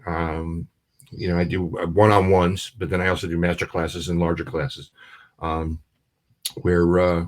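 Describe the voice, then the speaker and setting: A man's voice: low voice, level tone, measured pace. A middle-aged man, a comedian telling a joke and chatting casually with many fillers. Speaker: comedian guest. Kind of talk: casual storytelling chat.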